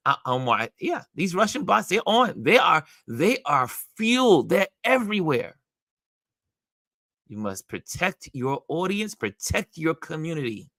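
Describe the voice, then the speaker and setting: A man hosting a casual livestream, animated and emphatic, reacting to viewer comments and laughing often. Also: medium pitch, dry recording, clean studio sound. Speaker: livestream host.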